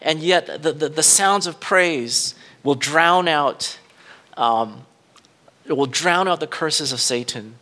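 A man's voice: takes it slowly, sharp tone. A male pastor giving an informal, conversational sermon, thinking aloud and correcting himself as he goes. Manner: rises in pitch and volume when retelling dramatic scenes.

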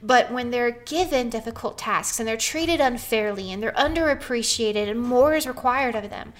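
A woman in her thirties telling a personal story on a podcast, earnest and animated, often laughing as she talks. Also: a little high, normal speed.

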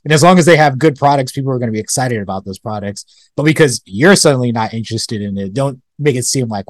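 A man's voice: mid-range voice, lively intonation, fast talker, hardly any pauses, no echo. A young man co-hosting a casual gaming podcast, talking in a loose, rambling way full of "like". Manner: loose and rambling, heavy use of "like". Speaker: podcast co-host.

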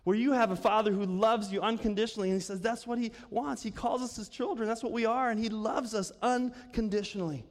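Pastor, male, high voice, easygoing sermon delivery with questions to the congregation, church hall with long reverb. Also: steady tone, fairly quick, hardly any pauses. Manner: conversational, asks the congregation questions, laughs often. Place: church sanctuary.

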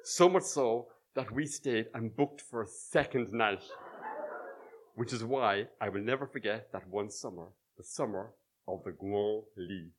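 A man's voice: on the low side, unhurried, husky. A middle-aged man telling a true personal story live on stage to an audience, with dry, wry humour. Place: small live venue with audience.

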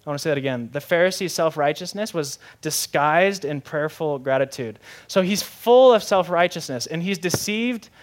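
A young man preaching a sermon in a lively, conversational way, often asking the audience questions. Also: fairly high pitch, normal speed, hardly any pauses. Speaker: pastor.

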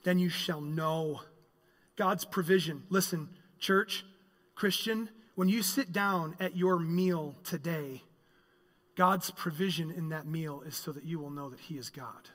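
Bright-voiced male pastor preaching. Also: a little high, unhurried, long reverb tail. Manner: emphatic preaching, swelling louder on key lines. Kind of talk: sermon. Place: church sanctuary.

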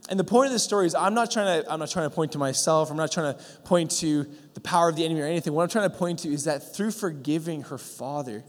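A man's voice: on the high side, fast talker, hardly any pauses. A man telling a testimony in a sermon, earnest, with many fillers and restarts. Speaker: preacher sharing a testimony. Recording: long hall reverb.

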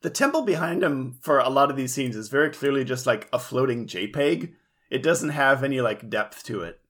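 A man co-hosting a casual podcast, explaining the plot of an anime episode in a relaxed, steady way. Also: medium pitch, moderate pace. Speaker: podcast co-host.

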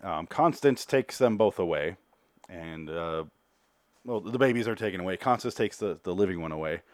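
A man's voice: sits low, lively intonation, normal speed, no room sound. A man giving a casual, rambling, sarcastic TV episode recap and swearing freely. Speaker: TV recap host.

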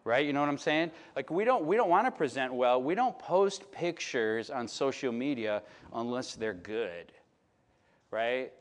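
A man's voice: mid-range voice, animated, measured pace. Chatty pastor in his late thirties. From Chicago, United States. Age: late 30s. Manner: chatty, filler-heavy, asks the audience "right?". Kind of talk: conversational sermon storytelling.

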